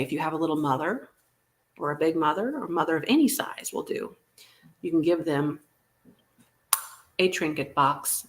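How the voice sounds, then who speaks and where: A woman hosting a live online vintage auction in a playful, joking, chatty manner. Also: lowish voice. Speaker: live sale host.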